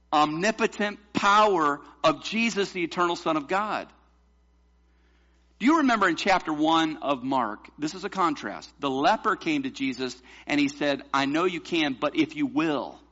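Male pastor, emphatic sermon delivery, slightly high bright voice, muffled lo-fi recording. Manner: emphatic preaching, rhetorical questions to the congregation.

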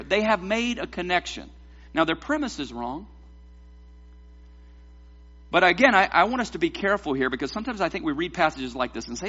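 A man preaching a sermon as pastor, animated, with joking asides to the congregation. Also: sits high, a little fast, dull audio.

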